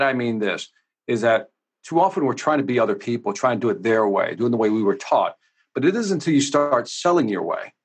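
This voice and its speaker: A man's voice: mid-range voice, slightly rough. A man from the United States, a sales coach talking energetically with emphatic asides in a casual podcast interview.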